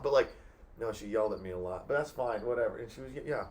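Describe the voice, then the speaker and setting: A man's voice: fairly low pitch, fast talker, a little mellow. A man co-hosting a casual podcast, rambling through a family story and swearing often. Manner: rambling, swears a lot, acts out family quotes. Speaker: podcast co-host. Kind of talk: casual profane chat.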